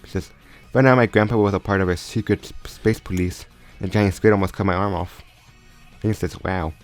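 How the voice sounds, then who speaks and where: A man's voice: deep voice, fairly even intonation, fairly quick. A man casually improvising a story aloud, often stumbling and restarting his sentences. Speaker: storyteller retelling a fan crossover story. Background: faint background music.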